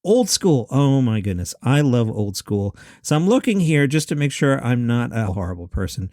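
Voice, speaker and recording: This man in his fifties is a solo podcast host working from home, running wryly through film lists with chatty asides. His medium-pitched voice is mellow but swings widely in pitch. The audio is studio quality with no echo.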